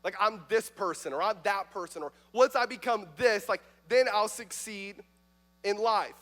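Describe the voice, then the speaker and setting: A young man preaches to a youth service in an easy, joking way, dropping likes and fillers as he goes. His voice sits high, and it carries with a long echo through the church hall. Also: moderate pace, a bit bright. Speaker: youth pastor. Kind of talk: youth sermon.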